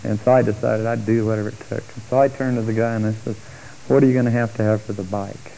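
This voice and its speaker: A middle-aged man telling a personal testimony story, acting out the voices of the people in it with big jumps in pitch. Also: quick pace, gravelly, a little hiss or hum, rough recording. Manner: animated, acts out quoted speech with big pitch jumps.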